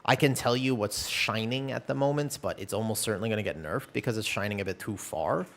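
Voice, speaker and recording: A man chatting casually on a live game stream from a room at home, in a relaxed, rambling, self-deprecating way. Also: fairly low pitch, brisk, gravelly. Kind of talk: casual live-stream chat while gaming.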